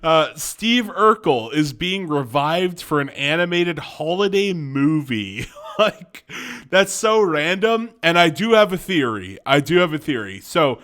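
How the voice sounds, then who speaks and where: A man's voice: a little high, very animated, a little slow, fairly bright tone. A young man in casual reaction commentary, rambling, correcting himself and laughing often. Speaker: YouTube commentator.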